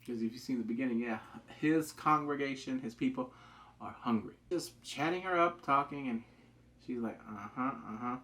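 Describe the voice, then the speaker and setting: A man casually reviewing a TV episode, excitable, acting out quotes with big jumps in pitch and swearing loosely. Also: normal speed. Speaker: TV show reviewer.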